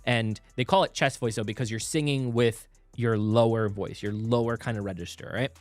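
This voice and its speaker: Here a man with a medium-pitched voice speaks at a normal pace in a dry recording. He's a music producer co-hosting a casual reaction show, explaining singing technique simply and peppering his speech with "like."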